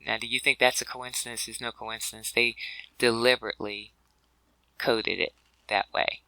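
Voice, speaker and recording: Gravelly, sharp-toned man teaching scripture words. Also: on the low side, little pitch movement, normal speed, long pauses, no room sound, rough recording. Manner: conversational, with many fillers and restarts; addresses listeners as brothers and sisters. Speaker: scripture word-study teacher. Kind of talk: explanatory video lesson.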